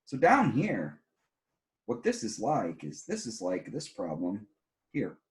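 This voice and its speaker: Guy teaching algebra notes, kinda tired, lowish voice, says the rules over and over. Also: wildly swooping pitch, takes it slowly. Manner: plainspoken, repeats key rules with emphasis. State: tired, yawning. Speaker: math teacher. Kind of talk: recorded classroom math lesson.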